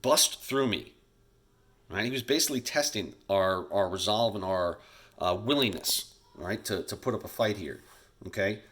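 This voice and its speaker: A male teacher giving a casual recorded history lecture over slides, chatty and loose, talking straight to his students and acting out leaders in quick bits. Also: sits low, fairly bright tone. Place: home, recording alone during school shutdown.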